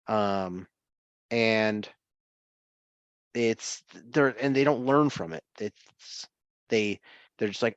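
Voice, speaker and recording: A man's voice: mid-range voice, slow pace, pauses often, smooth, no room sound, dull audio. A man co-hosting a sports podcast in casual chat, chuckling often and rambling through restarts.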